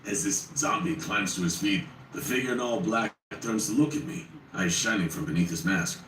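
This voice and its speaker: A man's voice: low voice, moderate pace, a bit bright. A man narrating a first-person horror story in a wry, conversational way. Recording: roomy, distant, faint noise.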